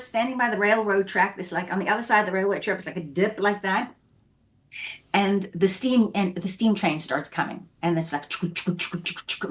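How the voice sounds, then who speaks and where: An animated woman from South Africa tells stories as a guest in a casual interview. Her voice sits at an ordinary middle pitch for a woman. She acts out the scenes and voices as she talks. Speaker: actress guest.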